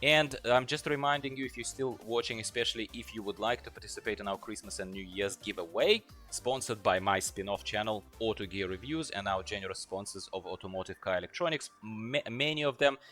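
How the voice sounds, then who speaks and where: A man's voice: fairly low pitch, fairly quick, hardly any pauses, bright, forceful tone, soft background music. A man hosting a video channel, summarizing a translated owner interview in a chatty, emphatic way that repeats words for effect. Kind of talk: casual video commentary.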